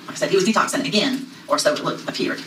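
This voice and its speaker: A woman's voice: low voice, animated, racing. A woman deputy in a recorded interview, chatty and quoting herself and others. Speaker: sheriff's deputy being interviewed. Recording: echoey room, mic far off, faint noise.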